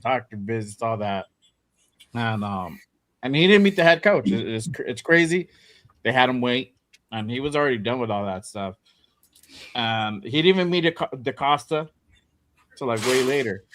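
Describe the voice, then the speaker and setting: A man hosts a laid-back sports talk podcast at a middle pitch. He rambles in a relaxed way and uses lots of "um" and "like.". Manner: relaxed, rambling, frequent fillers. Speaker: podcast host.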